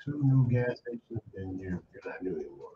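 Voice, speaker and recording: A man's voice: fairly low pitch, expressive, fairly quick. Chill guy on morning radio, laughing a lot, kinda echoey and muffled mic. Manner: laid-back, laughs often, muses aloud. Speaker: radio show host. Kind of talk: casual morning radio banter. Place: radio studio. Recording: slightly muffled studio mic with faint background hiss.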